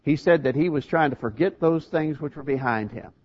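A man's voice: a little high, a little fast. Earnest male preacher, slightly muffled. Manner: earnest, emphatic, with many restarts. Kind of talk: sermon.

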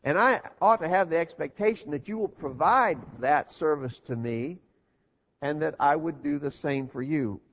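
A man preaching a sermon in an earnest, steady teaching manner, asking rhetorical questions. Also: on the high side, moderate pace, slight background noise. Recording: dull lo-fi recording.

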